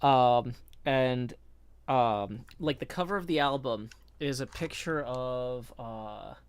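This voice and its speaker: A man with a Southern US twang hosting a casual live stream, rambling and excitable as he pitches ideas. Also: takes it slowly, clean tone, no echo. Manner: rambling, excitable, laughs at his own jokes. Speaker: streamer host.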